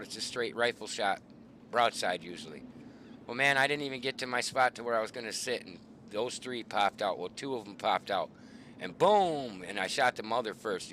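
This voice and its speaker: A middle-aged man, the host, casually telling hunting stories in a profane, animated way. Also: lowish voice, slight background noise. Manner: profane, animated, swearing often. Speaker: show host.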